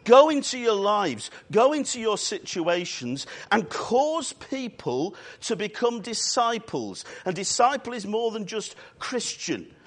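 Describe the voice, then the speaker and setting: Man, preacher, church sermon, earnest, emphatic, unhurried delivery. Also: high-pitched, sing-song. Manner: earnest, emphatic, with drawn-out stresses and asides.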